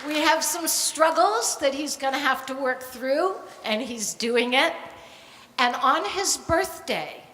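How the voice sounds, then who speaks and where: An older woman, a grandmother, telling a true story on stage at a live storytelling night, animated and acting out the voices of the people in it. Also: sits high, slow, some chatter behind, slight background noise. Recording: echoey hall with long reverb, faint ambience.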